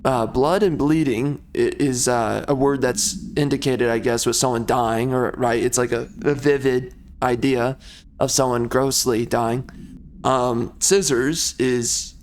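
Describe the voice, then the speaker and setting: A man's voice: medium pitch, steady tone, measured pace, a little hiss or hum. Ranting, rambling male game commentator. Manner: rambling, ranting, sarcastic asides. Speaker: gamer playing through a video game. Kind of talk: casual gameplay commentary.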